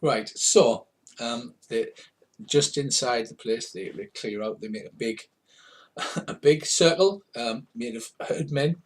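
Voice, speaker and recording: An older man narrating a tabletop game as its game master. His voice is husky and his pitch sits in an ordinary middle range. He rambles wryly, with plenty of fillers. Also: slow pace.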